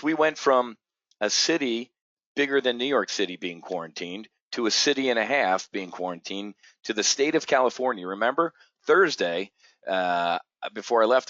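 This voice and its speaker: A man's voice: mid-range voice, fairly bright tone, no echo. A man hosting an options trading show, giving an unscripted, blunt and profane market rant full of stammered restarts. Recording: dull, dry lo-fi audio.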